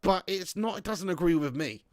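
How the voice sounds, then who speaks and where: A man's voice: high-pitched, lively intonation, moderate pace, no echo, clean studio sound. Rambling jokey livestream host, man. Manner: rambling, jokey banter with frequent laughs. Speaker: livestream host reading viewer chat. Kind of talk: casual football watch-along chat.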